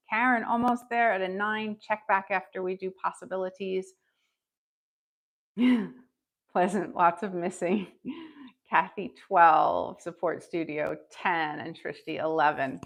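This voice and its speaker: A woman leading a live tapping session, upbeat and encouraging, reading out viewers' scores and having them repeat phrases after her. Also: medium pitch. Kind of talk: guided tap-along with live chat check-ins.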